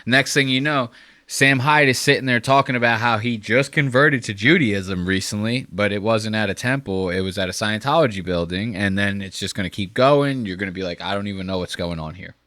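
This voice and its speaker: A man with a bright, forceful voice riffs through a reaction commentary, swearing freely and building up his points. His mic sounds dry and close. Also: on the low side, fairly quick, no echo. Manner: profane, animated, riffing. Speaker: commentary host.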